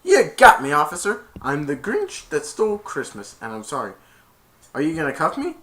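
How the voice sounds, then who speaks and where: A man voicing the Grinch, a grumpy green male creature, with loud, high exclamations. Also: huge pitch swings, moderate pace. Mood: mocking.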